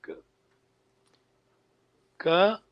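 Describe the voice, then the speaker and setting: A man teaching an online language lesson, patient and encouraging, repeating words slowly for his students. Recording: dull lo-fi call audio.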